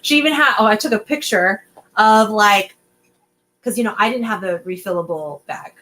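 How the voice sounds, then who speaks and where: A woman's voice: medium pitch, normal speed, rough recording. A young woman, a podcast guest, telling a personal story in casual late-night chat. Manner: animated storyteller, acts out quotes.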